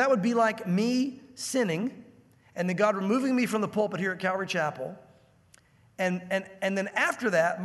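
A male pastor with a high voice teaching through scripture in a relaxed, conversational way. He slips into the voices of the people he describes. His voice rings with the long reverb of a church hall. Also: husky. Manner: conversational, acts out biblical characters' lines. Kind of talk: expository sermon.

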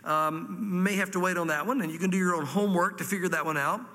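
High, bright-voiced Southern preacher. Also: male voice, quick pace, long reverb tail. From Virginia, USA. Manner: conversational Bible teaching with folksy asides. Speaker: pastor. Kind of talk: sermon. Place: church hall before a congregation.

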